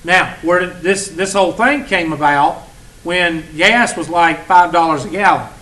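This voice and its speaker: A man's voice: fairly high pitch, a little slow, sharp tone, rough recording. Folksy man teaching a class. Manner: folksy, teasing storyteller. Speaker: college math instructor. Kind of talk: casual classroom talk.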